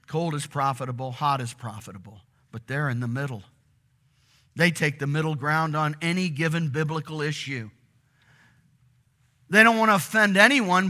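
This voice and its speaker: A middle-aged man preaching a sermon to a congregation in a church, animated and often asking them questions. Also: fairly high pitch. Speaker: pastor.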